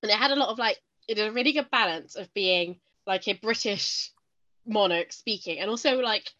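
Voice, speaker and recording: Casting note: British woman, bright and forceful voice, playful co-host, slightly dull lo-fi audio. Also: medium pitch, moderate pace. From United Kingdom. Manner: lively, jokey, acts out quoted voices. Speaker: podcast co-host. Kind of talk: casual chat.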